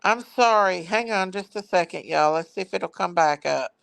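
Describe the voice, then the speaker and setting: A woman's voice: on the low side, normal speed, creaky, a bit bright, no echo. A woman hosting a casual true crime livestream, apologetic and flustered as she talks to her viewers.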